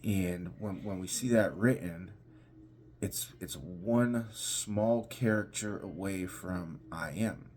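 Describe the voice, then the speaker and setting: Low-voiced guy preaching casual, lots of um and restarts, repeats stuff to hammer it home. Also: takes it slowly, darkish tone, a little hiss or hum. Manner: conversational, restarts and fillers, emphatic repetition. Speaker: pastor. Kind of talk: informal devotional teaching.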